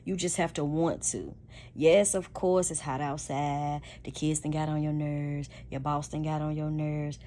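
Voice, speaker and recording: A woman with a deep, mellow voice gives relationship advice in a casual, preachy monologue. She talks loud and leans hard on her points. A faint hum of noise sits behind her.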